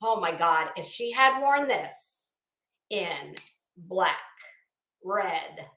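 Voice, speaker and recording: A woman's voice: lowish voice, animated, extremely slow, a bit bright, reverberant, a little hiss or hum. A middle-aged woman giving chatty, opinionated fashion commentary in a sassy, casual way.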